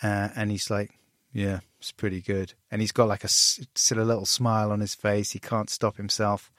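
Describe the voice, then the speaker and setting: A middle-aged man telling a candid story as an interview guest, self-deprecating, and animated when he acts out dialogue. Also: on the low side, moderate pace, no room sound, studio quality.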